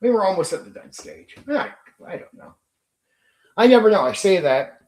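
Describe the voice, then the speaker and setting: A man's voice: high-pitched, very animated, moderate pace, roomy sound. Blunt, profane man ranting on a livestream. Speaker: streamer hosting a tabletop RPG channel. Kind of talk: livestream rant.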